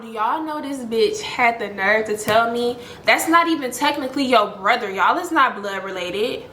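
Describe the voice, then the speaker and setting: A young woman casually telling a storytime, animated and swearing freely as she acts out the quoted lines. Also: a little high, moderate pace, hardly any pauses. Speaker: storytime vlogger. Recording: echoey room, faint noise.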